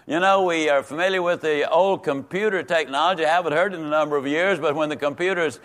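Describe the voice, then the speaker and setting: A man teaching a Sunday school lesson in a folksy, emphatic way, slowing down and repeating words for stress. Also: fairly high pitch, fairly bright tone.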